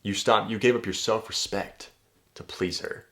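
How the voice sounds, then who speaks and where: Low-voiced man, dating coach, casual profane monologue. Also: steady tone, moderate pace, bright, forceful tone. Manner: blunt and profane, tags points with "right?".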